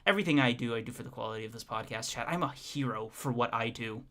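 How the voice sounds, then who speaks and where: A man's voice: mid-range voice, fast talker, bright, forceful tone. A young man co-hosting a podcast livestream, chatting casually with his audience, joking, laughing a lot and restarting his sentences. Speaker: podcast co-host.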